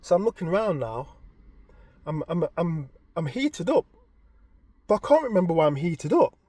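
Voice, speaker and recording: Man vlogger, lively storyteller, very expressive pitch, dry sound. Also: moderate pace, no room sound. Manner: animated, expressive retelling. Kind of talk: casual storytelling.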